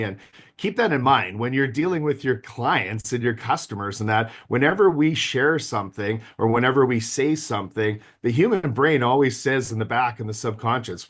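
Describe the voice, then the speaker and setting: A man in his fifties runs a virtual business planning seminar over a video call microphone, chatting directly to his audience in a self-deprecating way. His voice is medium-pitched and fairly bright, at a moderate pace.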